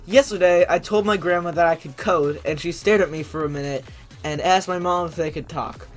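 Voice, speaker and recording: A man's voice: on the high side, a little fast. A man reading posts from the internet aloud and mocking them in a sarcastic, incredulous way, often laughing. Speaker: commentary YouTuber. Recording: faint background music.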